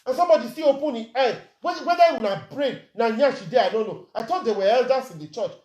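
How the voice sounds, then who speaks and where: A woman's voice: a little high, animated, quick pace, a little mellow, reverberant, lo-fi sound. A Nigerian woman ranting indignantly in a vlog, firing rhetorical questions and slipping between Pidgin and plain English. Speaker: social media commentator. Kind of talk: angry vlog rant.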